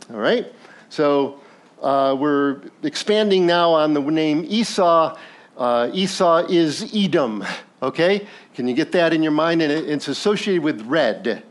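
A male pastor preaching a sermon in a conversational, animated way, asking the congregation questions and briefly acting out characters from the story. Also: a little high. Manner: animated, acts out biblical characters in passing.

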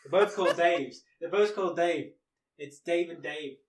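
A man's voice: fairly high pitch, normal speed, far from the mic, slight background noise. A man co-hosting a podcast in casual comedic chat, giggly and jokey, riffing on tangents. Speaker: podcast co-host. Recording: roomy sound, away from the mic.

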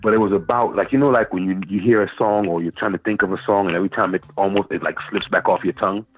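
A man, a guest poet telling a long story in an interview, animated and repeating words as he searches for them. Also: sits low, fast. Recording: phone-line interview with faint music.

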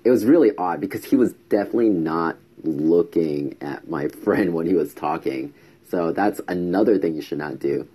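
A man's voice: low-pitched, lively intonation, normal speed, warm tone, slightly rough. A man telling a casual story to camera, chatty, acting out quoted lines in a raised voice. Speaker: vlogger.

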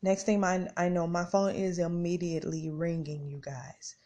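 This middle-aged podcast host speaks at a moderate pace in a mellow voice on the low side, with little pitch movement. Chatty and direct with her listeners, she tells a casual story and acts out her own reactions throughout.

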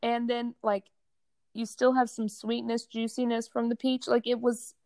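A woman chatting casually as a co-host, full of "like" and quick laughs. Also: fairly high pitch, level tone, a little mellow, dry recording, studio quality. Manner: chatty, laughs often, lots of "like". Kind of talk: casual chat.

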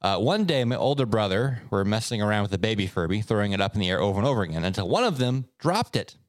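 A man co-hosting a podcast, telling stories in a casual, animated way. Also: quick pace, no room sound, clean studio sound. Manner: animated storyteller, swoops up in pitch for effect. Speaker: podcast co-host. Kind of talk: casual chat, reading stories aloud.

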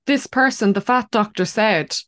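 A woman's voice: medium pitch, normal speed. A woman co-hosting a podcast in casual chat, ranting emphatically and swearing constantly. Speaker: podcast co-host.

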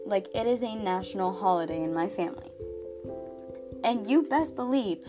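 A woman's voice: medium pitch, animated, normal speed. Chatty teenage girl over guitar music. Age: teens. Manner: chatty, exaggerated, lots of "like". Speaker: podcast host. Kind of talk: casual comedic monologue.

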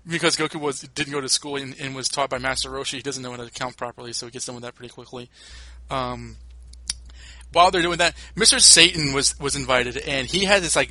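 A man's voice: mid-range voice, sharp tone, no echo, rough recording. A man hosting a podcast, recapping episodes in a casual, rambling way with lots of fillers and restarts, recorded on a home mic over a call. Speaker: podcast host.

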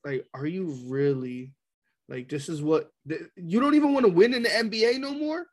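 A man's voice: high voice, moderate pace. A man co-hosting a casual sports talk, ranting heatedly and acting out quotes. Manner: animated, ranting, quoting people in voices.

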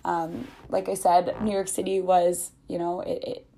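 Lower-voiced woman telling a personal story. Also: level tone, a little slow, creaky, warm tone, slight background noise. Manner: reflective, chatty, many fillers. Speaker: podcast host.

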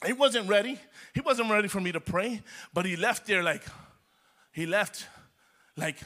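A man's voice: high-pitched, moderate pace, sharp tone. A male pastor preaching a sermon in a church, fervent and repeating his phrases for emphasis.

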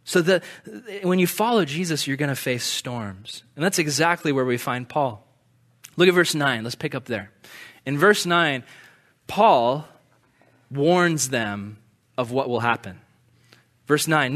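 A male preacher giving a casual, conversational sermon, animated and often acting out the voices of the people he describes. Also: mid-range voice, a little slow, pauses often. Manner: animated, acts out quoted voices.

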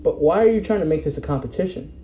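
A man with a fairly high-pitched, dark-toned voice talks quickly in a casual, rambling discussion full of fillers, restarts and the occasional swear word. The recording has an echoey room sound with faint background noise.

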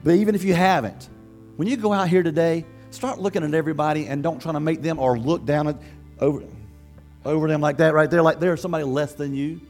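Male pastor, high voice, chatty animated sermon, faint music behind. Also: fast talker. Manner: lively, conversational preaching with laughs and acted quotes.

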